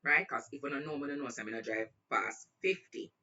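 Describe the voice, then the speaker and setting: A woman's voice: a bass voice, animated, brisk, gravelly, pushed and bright. A woman with a Jamaican accent telling a story casually, slipping between patois and standard speech. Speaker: host. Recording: distant, dull lo-fi sound.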